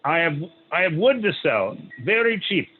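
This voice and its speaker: A kindly, stern rabbi in peasant disguise, as a man reading the tale puts him on offers cheap wood and scolds softly in a raised voice. The sound is tinny and phone-like, with a faint hiss. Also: on the high side, big pitch swings, moderate pace, voice pushed up. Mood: offering. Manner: gently reproachful. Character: pious male rabbi disguised as a peasant woodseller, stern but kind.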